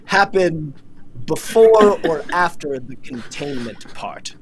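A cautious, courteous merfolk leader in a tabletop game, played by a man. His slightly high voice rises and falls a great deal. He talks in a halting way, full of pauses and restarts. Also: animated, slight background noise. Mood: earnest. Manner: halting, hesitant, lots of pauses. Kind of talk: voicing a character at a tabletop game.

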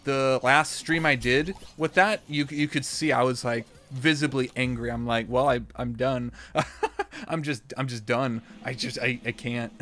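A man streaming a game, rambling with lots of fillers and restarts, then bursting into shouts and laughs. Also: medium pitch, fairly even intonation, measured pace. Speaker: gaming streamer. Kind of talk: live gameplay commentary.

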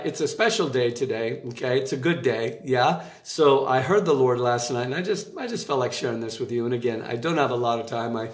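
Chatty man preaching in an echoey room. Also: mid-range voice. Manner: chatty and animated, with many asides and laughs. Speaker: preacher giving an online devotional. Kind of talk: casual preaching to camera. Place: room in his home.

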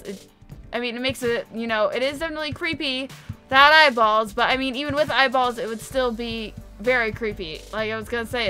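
A woman giving casual gameplay commentary, chatty and excitable, quick to gasp and exclaim. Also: sits high. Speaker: gamer, video host.

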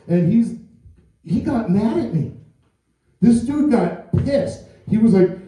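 A self-mocking stand-up comedian rambles through his stories. His voice is very dark and mellow, and it echoes strongly, picked up from far across the room. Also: sits high, lively intonation, slow pace, long pauses. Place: comedy venue before a live audience.

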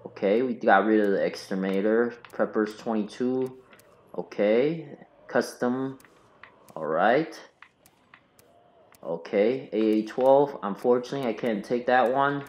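A man hosting a casual let's-play, thinking aloud to his viewers in a mumbly way. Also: lowish voice. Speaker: gaming channel host. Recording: roomy room sound, faint game music. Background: faint game music.

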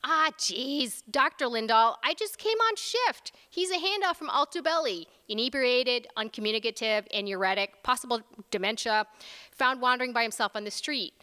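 A woman voicing a flustered young male hospital resident who talks high and anxious. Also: lively intonation, normal speed, sharp tone, clear, resonant tone, exaggerated voice. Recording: reverberant lecture hall.

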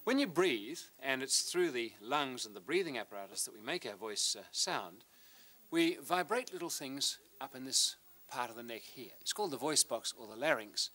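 A middle-aged man presenting a science lesson, explaining and demonstrating with a model as he talks. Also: medium pitch. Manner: lively, hands-on demonstrator.

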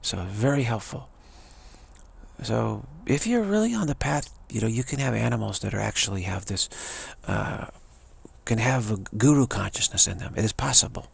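Male spiritual teacher, rambling and emphatic, very raspy and low. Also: lively intonation, normal speed. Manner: emphatic, repeats himself, chuckles. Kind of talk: rambling spiritual talk to camera.

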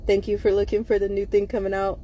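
Talking quickly in a monotone, mid-range voice, a female host pours out an emotional monologue to her viewers, lurching from low mumbles to loud, intense, swearing outbursts of anger with nervous laughs in between. There's a little hiss or hum in the recording.

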